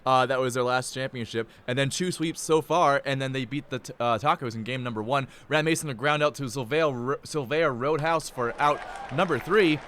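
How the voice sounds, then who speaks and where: A young man announcing live play-by-play, punchy, excitable and energetic, jumping all over the place. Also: medium pitch, moderate pace, hardly any pauses.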